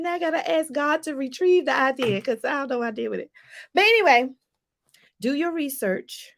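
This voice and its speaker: A woman life coach giving a lively motivational talk to viewers, calling them y'all. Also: high voice, a little fast. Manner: animated, preachy, addresses viewers as y'all.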